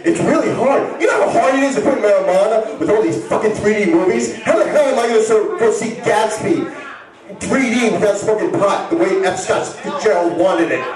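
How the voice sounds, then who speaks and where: A man doing a stand-up set in a bar, high-pitched and lively, stammering and rambling before he breaks into shouting. He is recorded from far back in a very echoey room, with a crowd laughing around him. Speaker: stand-up comedian. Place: bar stage with live audience.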